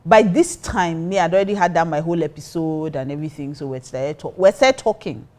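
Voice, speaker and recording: A middle-aged woman with a Nigerian accent, a pastor and co-host, telling a story in a lively way and acting out the quotes. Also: sits low, fairly quick. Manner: lively, acts out quotes, mixes in Pidgin. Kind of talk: casual storytelling chat.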